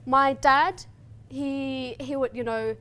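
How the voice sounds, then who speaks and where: Young woman from afghanistan, high voice, earnest heartfelt poem and personal talk at a meetup. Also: fairly even intonation, slow, fairly bright tone. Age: young adult. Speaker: guest speaker and human rights advocate. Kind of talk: spoken-word poem then personal Q&A talk. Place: community meetup room.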